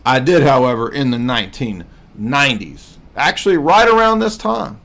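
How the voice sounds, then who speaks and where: A man's voice: mid-range voice, expressive, normal speed, vocal fry, fairly bright tone. A man in his forties hosting a livestream, casually mocking what he watches in a rambling, joking way. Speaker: livestream host.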